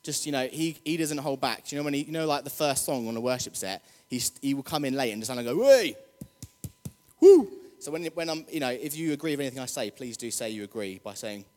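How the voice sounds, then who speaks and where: A man's voice: medium pitch, quick pace, few pauses. A man preaching a casual, jokey sermon, chatty and rousing the congregation. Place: church hall. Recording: long hall reverb.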